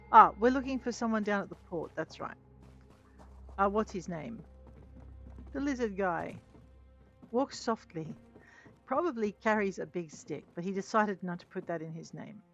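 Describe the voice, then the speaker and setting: With lively intonation and a slightly bright mid-range voice, a let's play gamer talks at normal speed but leaves long pauses. She pokes fun at herself and chats back to characters as she plays. The lo-fi mic sounds dull, and game music runs in the background.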